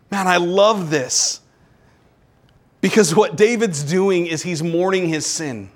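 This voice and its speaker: A male pastor delivers a sermon in a fairly high voice. He presses his listeners with repeated rhetorical questions, surging to urgent heights and then dropping low and quiet. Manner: preaching with rising intensity and repeated rhetorical questions.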